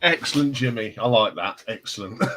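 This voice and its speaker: A man's voice: mid-range voice, lively intonation, a little slow, fairly bright tone, a little hiss or hum, rough recording. A man hosting a casual live stream, chatting and telling rambling stories. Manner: rambling, chatty storyteller with restarts. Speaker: livestream host.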